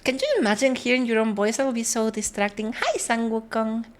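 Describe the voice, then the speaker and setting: A woman's voice: fairly high pitch, fairly even intonation, brisk, background noise. Chatty woman streamer. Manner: chatty, greets viewers one by one, switches between English and Spanish. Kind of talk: casual chat with viewers.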